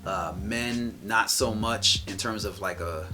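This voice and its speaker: A man's voice: on the low side, slow. Guy rambling thru a story on a podcast, lots of restarts, music in the background. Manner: rambling, restarts, quotes others in raised voice. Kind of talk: casual storytelling chat.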